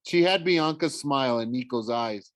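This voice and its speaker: A man's voice: medium pitch, moderate pace, fairly bright tone, no echo. A man, a teacher, reading a book chapter aloud in a plain voice, often stumbling and correcting himself. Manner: plain reading with frequent slips and self-corrections. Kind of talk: audiobook chapter read-aloud.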